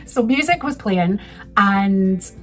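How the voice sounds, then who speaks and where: A woman's voice: medium pitch, animated, slow pace, faint music behind. Chatty woman telling a story. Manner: chatty, rambling, emotional storyteller. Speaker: vlogger. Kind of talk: casual storytelling.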